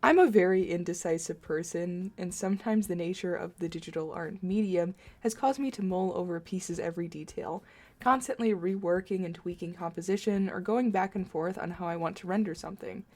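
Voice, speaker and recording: A woman's voice: fairly low pitch, brisk, a little mellow. A young woman narrating a scripted art video in a playful, mock-dramatic and sarcastic way.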